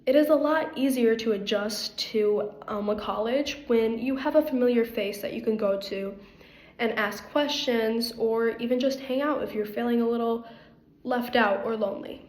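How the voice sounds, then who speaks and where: A woman's voice: a little high, moderate pace, a little mellow, reverberant. A young adult woman giving earnest, rambling interview answers as an applicant for a campus guide role, with frequent fillers. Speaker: applicant for first year guide.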